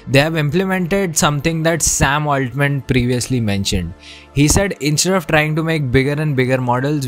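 A man hosting a tech video, walking through new features in an informal, opinionated way. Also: mid-range voice. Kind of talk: casual explainer narration.

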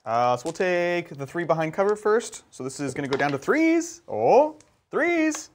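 A man's voice: a little high, animated, fairly quick, slight background noise. A man playing a tabletop wargame, chatting casually and playfully and tossing in goofy little sound effects. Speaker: wargame player. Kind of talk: casual tabletop battle report chat.

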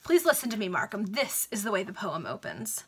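A woman's voice: medium pitch, wildly swooping pitch, a little fast, fairly bright tone, husky, heavily acted. A woman doing a drawling foppish captain. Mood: pompous. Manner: drawling, affected. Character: foppish dandy male army captain, vain and silly.

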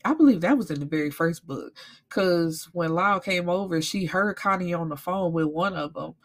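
A woman recapping a novel in casual chat, blunt and profane, telling the plot with lively energy. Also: fairly low pitch, moderate pace. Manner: blunt, profane, animated storytelling. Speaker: book reviewer.

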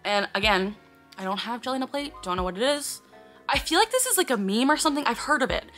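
A woman's voice: on the high side, expressive, fast talker, a bit bright, soft background music. A woman talking casually to camera as a vlogger, earnestly explaining, often breaking off with sudden blurted words and sighs.

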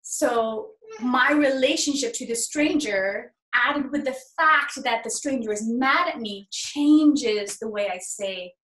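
Upbeat woman teaching acting, slow and clear. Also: fairly high pitch, a bit bright. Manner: upbeat, encouraging, playful. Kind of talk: drama workshop for kids. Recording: echoey home room.

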